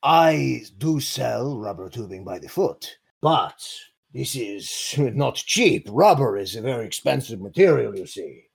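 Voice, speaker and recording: A man doing a gruff hearty shopkeeper. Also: medium pitch, sing-song, normal speed, heavily acted. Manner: haggling, hearty salesman. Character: gruff male shopkeeper Anton.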